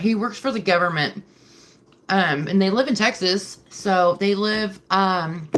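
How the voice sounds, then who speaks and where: Woman, low-pitched voice, chatty livestream host, lots of fillers, faint background hiss. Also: fairly bright tone. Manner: chatty, filler-heavy, emotional. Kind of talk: rambling live-stream chat. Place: home at night.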